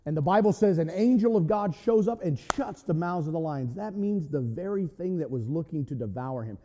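A male pastor preaching a sermon in an animated way, often shouting. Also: a little high, normal speed, in a large hall, a little hiss or hum.

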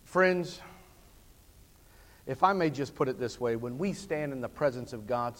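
A man preaching a sermon, swinging from hushed passages to shouted climaxes. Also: mid-range voice, measured pace, pauses often. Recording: long hall reverb.

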